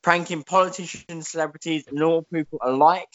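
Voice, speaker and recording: A man's voice: a little high, steady tone, a little fast. A man, co-hosting a podcast in casual chat, rambling and swearing with lots of fillers. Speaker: podcast co-host. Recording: dull lo-fi podcast mic.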